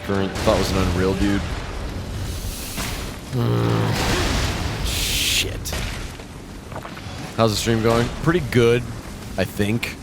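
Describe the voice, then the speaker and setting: A slightly drunk man streaming a game, talking slowly in a gravelly, lowish voice. He rambles and swears with a self-mocking edge. Game music plays clearly behind him. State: tipsy from drinking. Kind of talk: casual live-stream chat.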